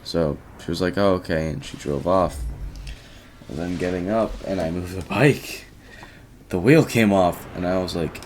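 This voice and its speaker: A man's voice: low voice, moderate pace, a little mellow, slight background noise. A teenage boy casually telling a rambling story about his day, often quoting himself and restarting his sentences. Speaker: vlogger.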